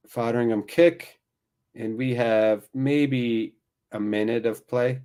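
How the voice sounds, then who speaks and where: A man hosts a live football watchalong, calling the action with wry, self-deprecating asides. His voice sits on the low side. He speaks slowly and leaves long pauses between phrases. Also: warm tone. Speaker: watchalong host.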